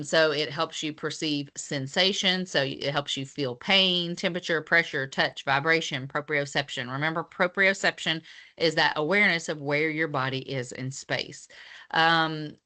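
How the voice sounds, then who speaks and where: A woman's voice: deep voice, sharp tone. A woman teaching physical therapy students in a casual lecture, with lots of fillers as she explains.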